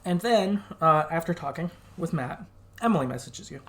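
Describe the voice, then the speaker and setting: A man's voice: a little high, animated, moderate pace. A man co-hosting a podcast, chatting casually and laughing often as he recaps a game and acts out its quoted lines. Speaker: podcast co-host.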